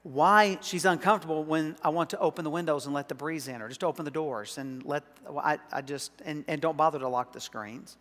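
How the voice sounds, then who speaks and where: A man from South Arkansas with a Southern accent, preaching a sermon in a folksy, emphatic way that grows louder on key points. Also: on the high side, a little fast, hardly any pauses, big-room sound. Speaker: pastor. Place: church sanctuary.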